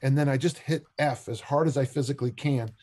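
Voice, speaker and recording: Speaking briskly in a mid-range voice, an older strength and discus coach spins humorous tales as a podcast interview guest. He's lively and full of jokes.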